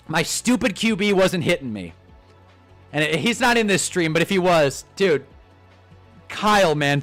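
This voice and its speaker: A young man hosting a casual live stream, talking in an animated, swearing rant. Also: sits high. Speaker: livestream host. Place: indoors at a green screen.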